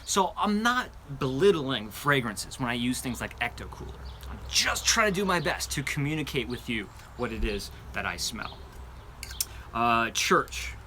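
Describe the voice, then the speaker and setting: A man hosting a live candle show-and-tell, chatting in a loose, rambling way full of fillers and restarts. His voice is bright and forward, sitting at an ordinary pitch. He sounds eager as he describes each scent. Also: sing-song, normal speed, slight background noise. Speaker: candle review channel host.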